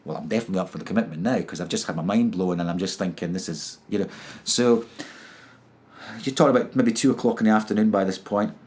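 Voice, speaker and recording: A man with a slightly low voice recounts a personal experience in an interview. He speaks earnestly and with feeling, stumbling and repeating words as he searches for what to say. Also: fast, darkish tone. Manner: earnest, emotional storytelling. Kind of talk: personal testimony.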